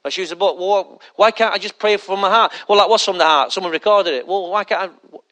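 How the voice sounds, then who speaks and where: Male pastor, high and bright, conversational sermon with rhetorical questions. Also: a little fast.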